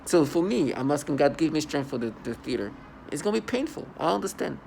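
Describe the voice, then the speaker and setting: A defiant man talks straight to the camera from home, his somewhat high voice roughened by heavy gravel. He speaks with scorn, stumbling, restarting and repeating words as he goes. Traffic hums faintly in the background. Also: big pitch swings, quick pace, a little mellow. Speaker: vlogger. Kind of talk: angry personal monologue to camera. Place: at home indoors.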